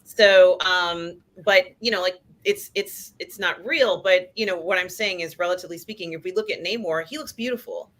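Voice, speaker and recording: A woman's voice: fairly low pitch, moderate pace, hardly any pauses. A woman film critic on a panel, speaking enthusiastically and chattily, often laughing and restarting. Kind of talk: casual panel discussion.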